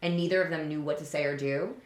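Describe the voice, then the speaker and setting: Fast-talking low-voiced woman storyteller. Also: echoey room. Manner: animated storytelling, acts out voices in quotes. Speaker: podcast co-host. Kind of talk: casual chat.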